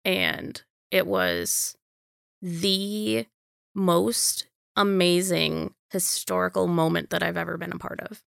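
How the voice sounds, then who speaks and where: A woman's voice: lowish voice, animated, slow, creaky, fairly bright tone, clear, resonant tone, dry recording, clean studio sound. A woman from Minnesota chatting frankly and emphatically on a podcast. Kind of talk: casual chat.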